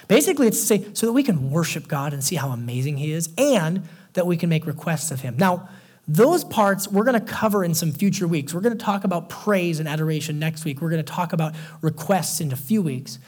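Young male pastor with a somewhat high, husky voice; conversational sermon delivery that sinks soft for key points. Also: animated, brisk. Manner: conversational storytelling, dropping low and quiet for emphasis.

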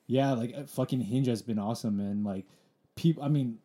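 A man chimes in on a casual podcast conversation. His voice has a dark, mellow tone, and he speaks in a laid-back, offhand manner at a middle pitch. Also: moderate pace. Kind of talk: casual chat.

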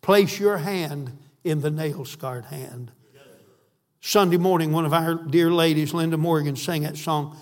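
A man's voice: on the high side, a little slow. Guy preaching hard, keeps hammering his lines, reverb-y hall sound. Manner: fervent, emphatic, repeats phrases for stress. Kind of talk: sermon. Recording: echoey hall.

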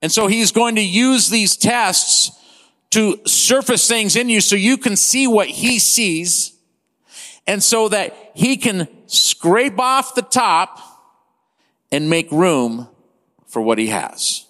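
A man in his fifties preaching a sermon as pastor, impassioned, swinging between loud and hushed delivery. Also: sits high, lively intonation, slow. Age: 50s. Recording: long hall reverb.

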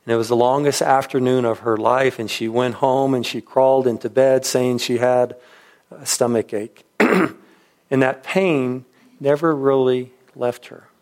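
A man's voice: mid-range voice, steady tone, measured pace, a little mellow. A man preaching a sermon, telling a story in a reflective way with frequent restarts. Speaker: pastor.

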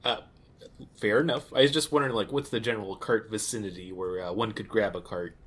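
A man playing a tabletop game, playful and quick to laugh. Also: lowish voice, steady tone, slightly rough. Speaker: player.

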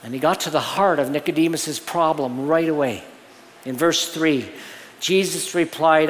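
A man's voice: a little high, moderate pace, a little hiss or hum. A man preaching a sermon as pastor, earnest and explanatory, often restarting his phrases. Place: church sanctuary. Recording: long reverb of a church hall.

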